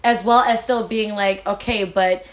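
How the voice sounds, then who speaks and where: A woman's voice: mid-range voice, fairly even intonation. A woman hosting a casual podcast, talking in a chatty way with lots of fillers. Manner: chatty, many fillers, quick affirmations. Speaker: podcast host.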